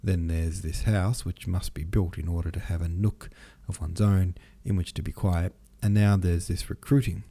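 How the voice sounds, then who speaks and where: A man's voice: deep voice, fairly even intonation, normal speed, hardly any pauses, warm tone, breathy edge. A man reading the part of a brooding, bitter young nobleman who argues in a gloomy, cutting way.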